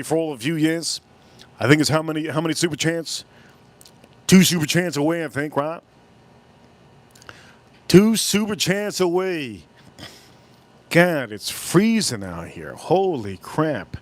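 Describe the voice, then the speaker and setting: Man, Miami accent, somewhat high voice, loose rambling live-stream host. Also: no room sound. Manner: rambling, drawn-out words. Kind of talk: casual live-stream chat. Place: cold room at home.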